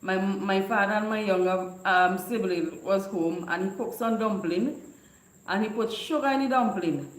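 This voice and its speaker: Casting: woman vlogger, animated storyteller, laughs a lot, roomy echo. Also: medium pitch, normal speed. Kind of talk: casual storytelling chat. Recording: echoey room.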